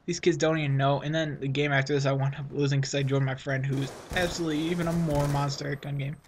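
A man's voice: a little high, little pitch movement, fast, background noise. Rambling teen boy gaming commentator. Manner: rambling, self-mocking, jokey. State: runny nose, sniffling. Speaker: gaming channel host. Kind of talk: casual gameplay commentary.

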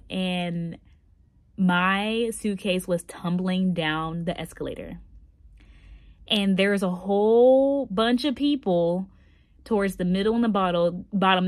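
A young woman telling a funny travel story to her phone camera, animated and full of fillers. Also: fairly low pitch, no echo. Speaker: vlogger.

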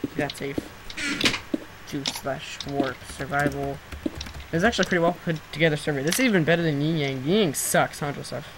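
Excitable teen boy gamer, keyboard clatter. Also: on the high side, fairly quick, noisy background. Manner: excitable, often breaks into shouting and screaming. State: sore throat from screaming. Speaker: gameplay commentator. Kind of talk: casual gaming chat with a friend. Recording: loud keyboard typing and clicks.

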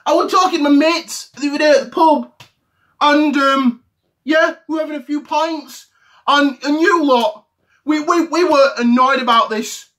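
A man's voice: extremely high pitch, normal speed, pushed and bright. A man in his thirties with an English accent, playing a touchy football fan who rants to camera in a comedy sketch, indignant and repetitive. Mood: ranting. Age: 30s.

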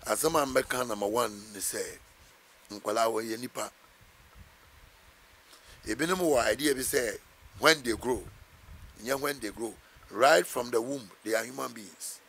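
A man's voice: medium pitch, a bit bright. A man with a Ghanaian accent, a pastor answering interview questions in an earnest preaching manner, quoting scripture and mixing in Twi phrases. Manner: earnest, quotes scripture, switches between English and Twi.

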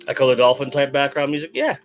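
A man hosting a relaxed, chatty stream while unboxing toys and answering chat messages. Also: medium pitch, moderate pace. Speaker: host. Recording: faint background music.

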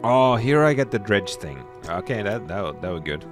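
A man giving loud, excitable gameplay commentary that swears and shouts when something startles him. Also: low-pitched, normal speed, few pauses, over music. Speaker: gameplay streamer.

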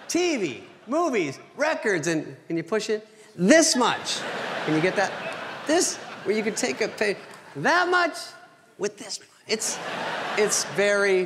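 Deadpan middle-aged comedian in a hall. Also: male voice, a little high. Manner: dry, deadpan, pausing for punchlines. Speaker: comedian roasting a friend. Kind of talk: stand-up roast speech. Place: theater stage at an award ceremony. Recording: reverberant hall, noisy live recording.

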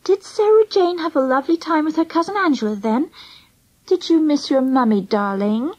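A woman's voice: fairly high pitch, very animated, moderate pace, breathy edge, dry recording, muffled recording. A woman voicing a soppy young mother who coos in baby talk, in an audiobook reading. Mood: cooing. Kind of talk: storybook reading.

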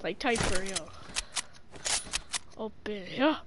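A woman's voice: mid-range voice, lively intonation, slow. A woman giving casual gameplay commentary, playfully trash-talking an opponent. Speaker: gamer. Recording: loud background noise, gunfire.

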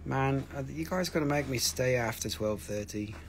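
A man's voice: medium pitch, normal speed, slight background noise. A man hosting a live stream sale, chatting casually, joking and rambling with plenty of swearing. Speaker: live-stream crystal seller. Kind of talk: casual live sales chat.

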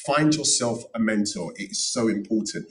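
A middle-aged man with a lowish voice speaks on a panel at a careers event. He gives earnest, emphatic advice and drives points home by repeating them. He is picked up from a little way off the microphone, so the voice sounds distant in the room. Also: moderate pace. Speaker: panel speaker, notary and former solicitor.

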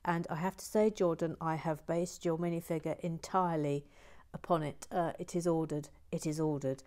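A woman with a slightly low voice talks casually while building toys. She jokes wryly and drifts into muttered, whispered asides as she works. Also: steady tone, moderate pace, a little mellow. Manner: playful, wry. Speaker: host. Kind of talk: casual narration of a toy build.

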